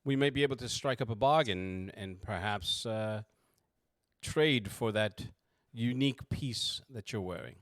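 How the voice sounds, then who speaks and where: A man's voice: fairly low pitch, a little slow, fairly bright tone, dry recording, studio quality. Guy putting on a stiff formal blacksmith, huffy about his craft, fantasy game. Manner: indignant, formal. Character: gruff soot-covered male armorer, proud of his craft.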